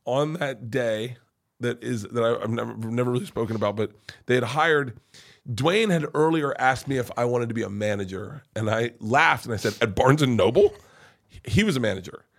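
A man's voice: mid-range voice, normal speed, creaky. A middle-aged man, a comedian, telling a rambling comic story as a podcast guest, swearing freely and acting out the voices of the people in it. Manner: animated, swears freely, acts out quoted voices.

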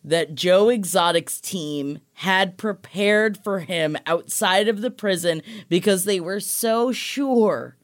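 A woman trades gossip with her co-hosts over a call. She talks in an animated, emotional way and laughs often. Her voice sits at an ordinary middle pitch. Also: slow, few pauses. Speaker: podcast co-host. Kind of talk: casual gossip chat. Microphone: remote call mic.

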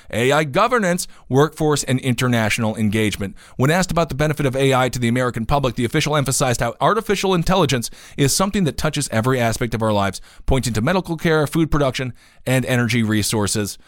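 A man's voice: mid-range voice, fast, no room sound. A man hosting a podcast, giving casual news commentary with sarcastic asides and growing indignation. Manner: animated, sarcastic, gets indignant. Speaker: podcast host.

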